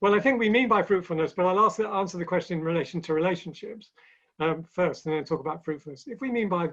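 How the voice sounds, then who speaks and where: A man's voice: sits high, a bit bright. A man speaking as a guest in a webinar conversation, telling stories with light humor in a chatty way. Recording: dull lo-fi online call audio.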